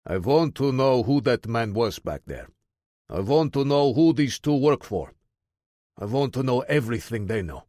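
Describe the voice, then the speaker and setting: A man's voice: medium pitch, lively intonation, normal speed, warm tone, no echo, studio quality, close to an everyday voice. A man voicing a huge, cold Russian mercenary commander who gives clipped orders in a heavy Russian accent. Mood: commanding.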